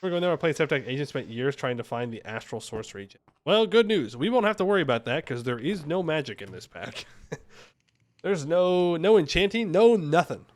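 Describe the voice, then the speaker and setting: A man streams a game live, chatting and joking with viewers in a playful, mock-defensive way. His mid-range voice swings widely in pitch, and he talks fast with hardly any pauses.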